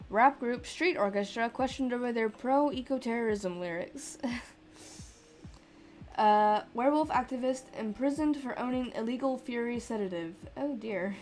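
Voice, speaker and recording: A woman's voice: fairly high pitch, normal speed. A woman streamer giving casual commentary while playing a game, with sleepy, playful asides. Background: game music.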